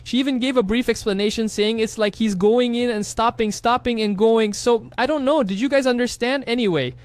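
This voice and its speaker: A man casually recapping a comic story, excitable and slangy, teasing the viewers with asides. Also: very high-pitched, a little fast, dry recording. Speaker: manhwa recap narrator.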